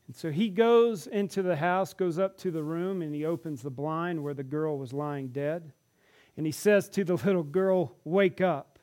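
A man with a notably high-pitched voice delivers a storytelling sermon in a church. He is animated, dropping into the voices of the people in the stories he tells. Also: moderate pace. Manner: animated, acts out the characters' lines in the stories. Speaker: preacher.

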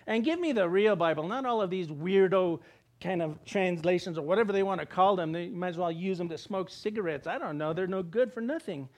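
An older man preaching a sermon as pastor, animated, asking rhetorical questions and acting out the quotes. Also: high-pitched, brisk.

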